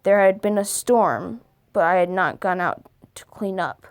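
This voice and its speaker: A woman reading scary stories aloud for a video, halting now and then to stumble over and correct her words. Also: mid-range voice. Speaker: video creator.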